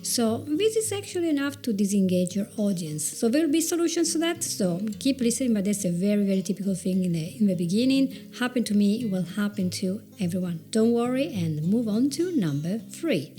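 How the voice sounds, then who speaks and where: Warm woman chatting advice to camera, repeats words as she goes, soft music underneath. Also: mid-range voice, very animated, fairly quick, hardly any pauses. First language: Italian. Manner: chatty, self-mocking, repeats words while thinking. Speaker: video presentation coach. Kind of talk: conversational advice talk.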